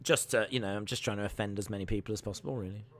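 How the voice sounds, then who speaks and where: A young man hosting a live watch-along stream, rambling chattily with viewers and calling the action in excited play-by-play. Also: on the low side, racing.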